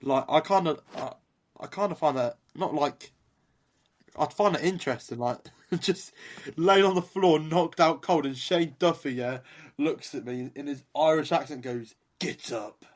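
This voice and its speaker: Rambling podcast co-host. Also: male voice, a little high, normal speed. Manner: rambling, laughing. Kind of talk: casual chat.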